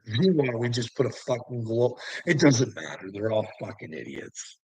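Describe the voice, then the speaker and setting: A man's voice: medium pitch, very animated, moderate pace, darkish tone, husky, no room sound, low-quality recording. A man ranting in a rambling video monologue, agitated and swearing heavily, close to the mic. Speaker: religious video commentator.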